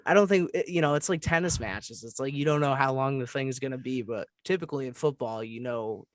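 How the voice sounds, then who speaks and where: A man's voice: medium pitch, brisk, slight background noise. A young man co-hosting a sports podcast, talking casually and restarting his sentences as he goes. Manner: chatty, trails off and restarts. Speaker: podcast co-host.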